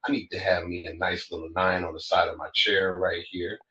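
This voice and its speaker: A man's voice: deep voice, flat delivery, a little fast, sharp tone, muffled recording. A man co-hosting a casual podcast chat, talking emphatically and repeating words for effect. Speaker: podcast co-host.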